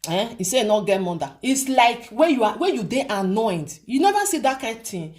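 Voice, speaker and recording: A vlogger with a Nigerian accent chats casually with her viewers, emphatic and repetitive, peppering her talk with rhetorical questions. Her voice is a little high and a little mellow, with big pitch swings and a moderate pace.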